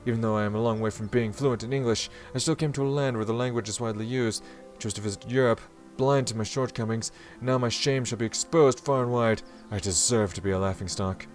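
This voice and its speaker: A man's voice: medium pitch, steady tone, fast, few pauses, soft background music, lightly acted. A man reading aloud the inner monologue of a formal, flustered young male samurai from a visual novel. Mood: earnest.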